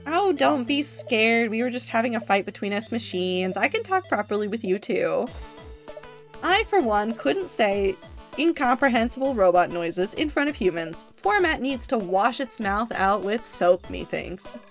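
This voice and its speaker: A woman's voice: a little high, lively intonation, a little slow, faint music behind. A woman voicing a doting, theatrical female AI machine that speaks in fawning, flowery praise. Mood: soothing.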